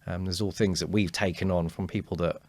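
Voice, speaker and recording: A man, a speaking coach talking as a guest in a casual podcast conversation, animated and acting out quotes. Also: low-pitched, fast, dry recording. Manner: animated storyteller, acts out quotes.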